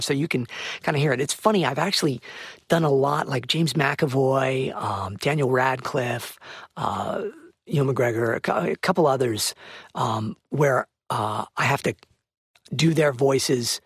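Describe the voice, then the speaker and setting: An American man, a voice actor guest, chatting animatedly on a podcast and slipping into quick voice demos. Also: mid-range voice, husky, no room sound, studio quality. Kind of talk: casual podcast conversation.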